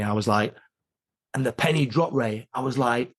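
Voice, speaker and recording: Male interviewee, mid-pitched, animated casual storyteller. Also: normal speed. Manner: animated storyteller, acts out quoted voices. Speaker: interview guest, martial artist.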